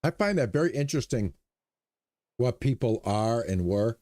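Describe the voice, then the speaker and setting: A gaming streamer plays a shop game live, narrating his moves and chatting with viewers in a relaxed way between comments on the game. His mid-range voice moves at a moderate pace, with no echo.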